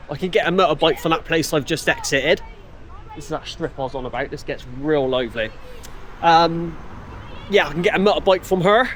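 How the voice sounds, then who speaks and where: A young man vlogging his holiday to an action camera outdoors, chatty and excitable, swearing freely. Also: fairly high pitch, slight background noise. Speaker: travel vlogger. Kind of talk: casual travel vlog to camera. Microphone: action camera mic.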